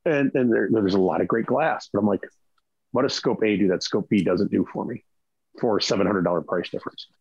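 A man's voice: lowish voice, a little fast, husky, no room sound, muffled recording. A middle-aged man in casual chat, rambling with restarts and frequent "right?" asides. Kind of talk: casual chat about rifle optics.

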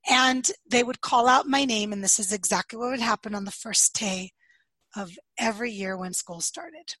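A woman with a slightly hoarse, husky voice, telling her life story in an interview and acting out the dialogue she recalls. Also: a little high, normal speed, bright, forceful tone, no room sound, poor audio. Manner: storytelling, acts out quoted dialogue, laughs often. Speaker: podcast guest.

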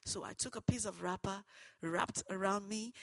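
A woman giving an earnest personal testimony that turns into preaching, moving between hushed and loud, fervent passages. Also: medium pitch, moderate pace, vocal fry, no room sound, low-quality recording. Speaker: testimony speaker.

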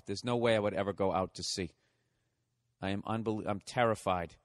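A man's voice: medium pitch, fairly bright tone, big-room sound. A man hosting a solo comedy podcast, talking in a rambling, profane, ranting way.

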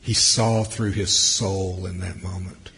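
Very husky preacher man in a hall. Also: low voice, steady tone, slow pace. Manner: swings between loud emphasis and hushed near-whispers. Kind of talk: sermon. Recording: long hall reverb.

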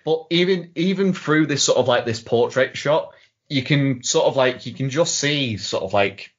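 A man's voice: medium pitch, moderate pace. A man chatting casually, swearing and acting out scenes as he retells them. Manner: animated storyteller, swears, acts out quotes. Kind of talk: casual chat recapping a show. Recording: dull lo-fi audio.

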